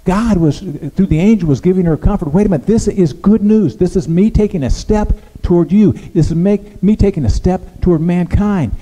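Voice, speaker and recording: A male pastor talks his way through a sermon in plain, conversational speech, stopping and restarting often. His voice sits a little high but sounds mellow and dark. A long reverb from the church sanctuary trails behind him. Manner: conversational, halting, many restarts.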